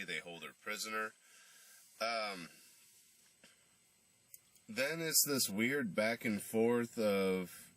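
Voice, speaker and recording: A man's voice: lowish voice, a bit bright, dry recording. A man casually recapping a movie's plot, loose and rambling, scoffing at how dumb it is. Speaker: movie reviewer. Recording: voice a bit far from the mic.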